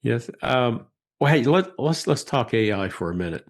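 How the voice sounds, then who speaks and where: A man's voice: medium pitch, very animated, moderate pace. A man hosting a podcast, chatting casually with his guest and steering toward the next topic. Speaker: podcast host. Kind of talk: casual interview chat.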